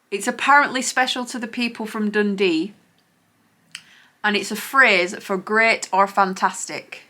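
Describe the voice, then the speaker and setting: A woman's voice: medium pitch, bright, forceful tone. A woman chatting casually in a home vlog about cake decorating, giggling often and filling gaps with ums.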